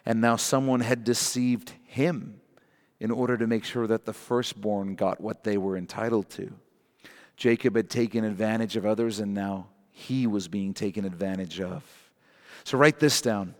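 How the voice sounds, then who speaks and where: A male pastor preaching a sermon, reading scripture with animated joking asides and emphatic repetition. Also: lowish voice, normal speed, long reverb tail.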